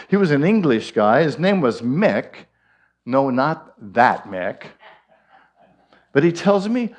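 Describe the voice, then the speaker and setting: A man's voice: mid-range voice, very animated, measured pace, darkish tone. A man with an Irish accent giving a conversational storytelling sermon, folksy with frequent asides. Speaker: minister giving a talk.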